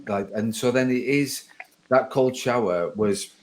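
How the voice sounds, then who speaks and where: A man's voice: medium pitch, a little slow. Rambling conversational podcast host man. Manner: rambling, self-correcting, conversational. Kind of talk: casual podcast chat.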